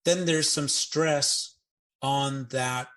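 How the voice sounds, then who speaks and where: A man co-hosting a grammar podcast in an easygoing, explanatory way. He walks through word forms slowly and adds playful jokes. His voice sits at a middle pitch. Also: steady tone, a bit bright. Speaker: Greek grammar podcast co-host. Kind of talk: casual teaching chat. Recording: podcast audio.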